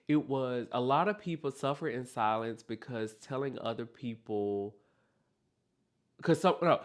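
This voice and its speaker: Lively, emphatic motivational podcast host. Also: mid-range voice. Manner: emphatic, repeats key points, checks in with listeners; loose, conversational delivery with self-corrections.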